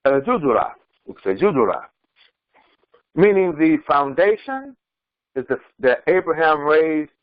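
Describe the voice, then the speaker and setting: A man, an imam, giving a slow commentary on scripture and repeating and explaining Arabic terms. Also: on the high side, big pitch swings, no room sound, narrow, tinny audio. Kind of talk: Quran commentary lesson. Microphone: screen-sharing lesson recording.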